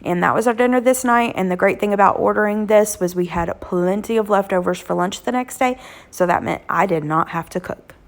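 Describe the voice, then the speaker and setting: A woman in her thirties or forties, a cooking channel host, hoarse from illness, chatting casually with lots of ums as she walks through weeknight dinners. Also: medium pitch, a little fast. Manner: chatty, homey, frequent "um" fillers. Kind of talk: casual cooking vlog narration.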